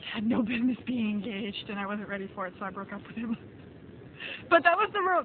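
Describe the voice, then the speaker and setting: A young woman vlogging outdoors, chatting casually and saying "like" all the time as she tells stories. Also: fairly high pitch. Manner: chatty, peppers speech with "like", animated storytelling. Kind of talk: casual chat. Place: outdoors at an airport, wind. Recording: lo-fi phone-like band, loud wind noise.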